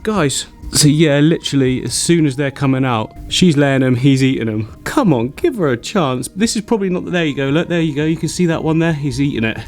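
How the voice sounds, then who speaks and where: A man vlogging about his aquarium, excitable and chatty, laughing often between remarks. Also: a little high, brisk, hardly any pauses. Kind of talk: excited casual vlog narration.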